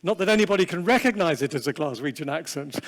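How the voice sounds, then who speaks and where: A male seminar speaker who opens with a quiet prayer and then gives a conversational, self-deprecating talk full of asides. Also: on the high side, animated, quick pace. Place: large convention hall. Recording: long hall reverb.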